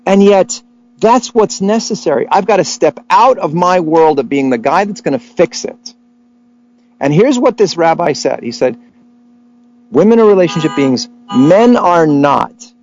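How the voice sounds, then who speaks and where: A man hosts a casual talk, telling anecdotes in an animated way and jumping into voices for the people he quotes. His voice sits a little high for a man. The recording sounds dull and lo-fi. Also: normal speed. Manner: animated storyteller, acts out quotes. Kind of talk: casual chat about relationships.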